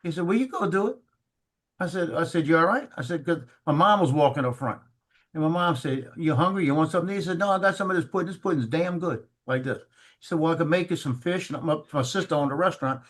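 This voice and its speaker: Speaking quickly, a middle-aged man shares family memories in a relaxed, casual storytelling chat. His voice is a little high for a man, and he stumbles and repeats words while acting out the lines of the people in his story.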